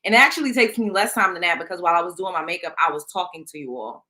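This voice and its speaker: Blunt, bright-voiced New York woman streamer. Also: on the low side, very fast. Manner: blunt, profane, reads chat aloud. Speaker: livestream host. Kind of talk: casual livestream chat.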